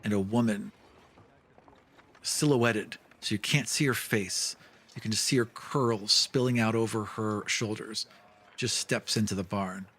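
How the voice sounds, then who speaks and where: Husky-voiced man narrating as game master. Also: fairly low pitch, a little slow. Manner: descriptive, relaxed, with many fillers.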